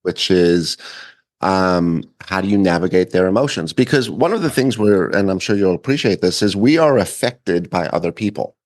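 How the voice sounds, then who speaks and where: A man's voice: deep voice, animated, moderate pace, darkish tone. A man hosting a casual interview, talking loosely with many fillers and tag questions. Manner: filler-heavy, asks with frequent "right?". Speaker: podcast host.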